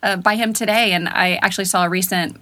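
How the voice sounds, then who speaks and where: A woman in her thirties recalls things heartfelt and plainly. Her voice sits at an everyday middle pitch. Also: steady tone, quick pace, sharp tone. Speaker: podcast guest. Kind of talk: casual conversation.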